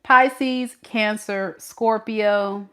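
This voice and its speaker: Tarot reader lady, talks real direct and lively to her viewers, mid pitch. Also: drawn-out words. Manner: animated, blunt, addresses viewers as y'all. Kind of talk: live tarot reading to viewers.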